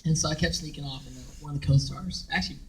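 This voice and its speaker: Animated man telling stories from afar. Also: on the high side, very fast. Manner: animated, laughing storyteller who acts out quotes. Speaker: voice actor guest on a convention panel. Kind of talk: casual panel storytelling. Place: dim convention panel room. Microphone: recorded from the audience by a camera far from the stage. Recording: distant audience recording.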